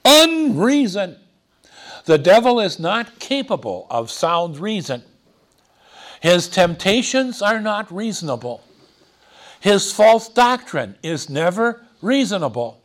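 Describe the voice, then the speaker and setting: A man delivering a sermon in a fairly high voice that swoops up and down with strong expression. He leans hard on key words for drama and wanders into asides before pulling back to his point. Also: slow pace. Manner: animated, digressive, dramatic emphasis. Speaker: preacher.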